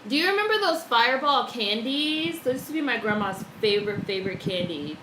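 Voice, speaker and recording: A woman livestreaming from home chats away, swears freely and reads her chat out loud. Her voice runs high, very animated and a little fast with few pauses, sounding pushed and bright. The room is echoey, with faint background noise.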